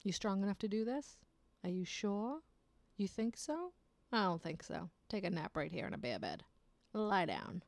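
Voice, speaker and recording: A woman's voice: medium pitch, sing-song, moderate pace, no echo. A woman voicing the wild land as a sly villain who tempts a hiker to lie down and give up, in a teasing, sing-song way. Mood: coaxing.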